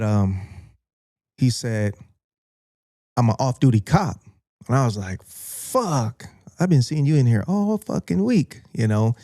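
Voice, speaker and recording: Podcast host, American man, mellow low voice, dry close sound, animated profane storyteller who acts out quotes. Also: no echo. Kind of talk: casual storytelling.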